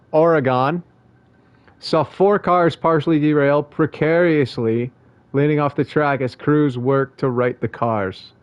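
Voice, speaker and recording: A man streaming live, reading news reports aloud in a flat tone, then breaking into exasperated, profane rants. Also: medium pitch, clean tone, no echo, muffled recording. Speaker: streamer and sim racing coach.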